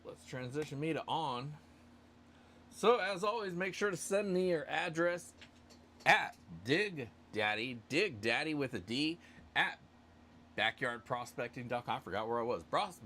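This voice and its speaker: This giveaway host on a casual live stream rambles loosely and jokes about himself. His voice is medium-pitched with a fairly bright tone, and slight background noise can be heard.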